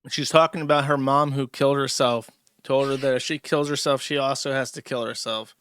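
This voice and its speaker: A man's voice: medium pitch, fairly even intonation, fairly quick, a bit bright, clear, resonant tone, no room sound. A man giving sarcastic, mocking livestream commentary as host. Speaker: commentary streamer.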